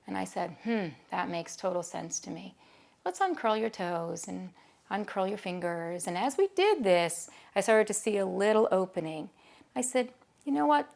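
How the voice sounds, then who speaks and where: A middle-aged woman with a gravelly edge to her voice speaks at a middle pitch. She talks conversationally as a school behavior consultant, slipping into quoted dialogue as she tells stories. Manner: conversational, acts out dialogue in anecdotes. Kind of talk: talking-head teaching video.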